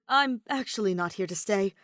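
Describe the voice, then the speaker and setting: A woman reading a flustered young man who stammers and apologizes, speaking louder and a little higher than her narration. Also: lively intonation, moderate pace, no room sound, studio quality, lightly acted. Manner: stammering, nervous laughter.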